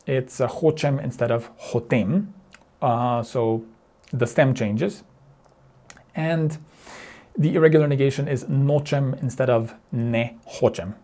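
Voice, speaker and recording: A man teaching grammar over slides. He explains patiently, repeating words and restarting phrases, and slowly drills word pairs. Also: mid-range voice, mellow. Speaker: language teacher.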